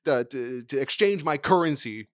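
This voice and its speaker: A man's voice: mid-range voice, animated, moderate pace, dry recording. Laid-back young man, dry close sound. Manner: laid-back, agrees with "yep", acts out quotes with shouted voices. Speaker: podcast co-host. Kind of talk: casual chat.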